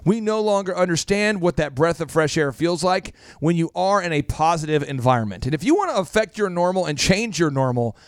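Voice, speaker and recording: A man hosting a business talk radio show as a coach, speaking in an animated way and repeating phrases for emphasis. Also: on the high side, a little fast, few pauses, dry recording, studio quality.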